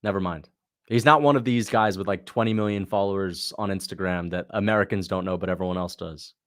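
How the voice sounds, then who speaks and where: A man hosts a casual watch-along livestream, chatting in slang and answering viewers' questions. He speaks briskly with a voice on the low side.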